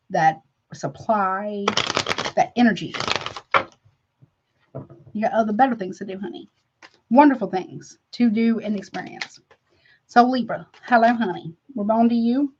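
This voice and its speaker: A woman's voice: mid-range voice, normal speed, long pauses, darkish tone, dull audio. A woman reading tarot in a casual livestream, chatty and frank, calling her viewers honey and baby with rambling asides. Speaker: tarot reader.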